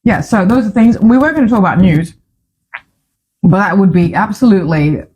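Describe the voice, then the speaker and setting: A woman's voice: on the low side, mellow, rough recording. A woman hosting a casual talk show from a studio, chatty and opinionated, often drifting off on tangents. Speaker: show host.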